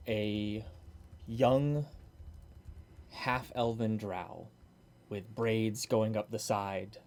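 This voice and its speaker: A man's voice: fairly low pitch, steady tone, drawn-out words, darkish tone. A man narrating a tabletop game in a casual, descriptive way.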